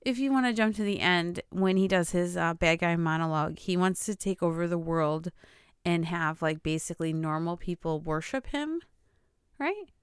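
A woman with a lowish, smooth voice chats and teases through a movie discussion, her talk full of fillers. The sound is dry and close. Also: normal speed, dry recording. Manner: chatty, teasing, many fillers. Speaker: podcast co-host. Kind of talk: casual chat reviewing a movie.

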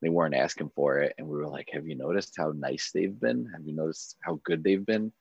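A man's voice: very deep voice, fairly quick, creaky, darkish tone, breathy edge, dry recording, lo-fi sound. A man co-hosting a podcast, chiming in with blunt, wry remarks in casual chat. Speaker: podcast co-host.

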